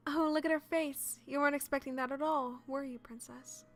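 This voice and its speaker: A woman voicing a snide female witch who taunts slowly and sneers in a game playthrough. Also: high voice, fairly even intonation.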